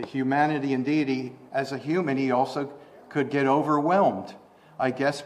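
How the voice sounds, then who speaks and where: A man delivers a conversational sermon, posing rhetorical questions and frequently starting his sentences over. When he quotes scripture, his voice climbs in both pitch and volume.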